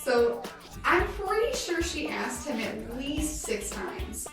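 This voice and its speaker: A woman guest in a casual chat, telling stories with lively, loud bursts when she mimics people. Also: sits high, slow. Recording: roomy, distant mic with music behind.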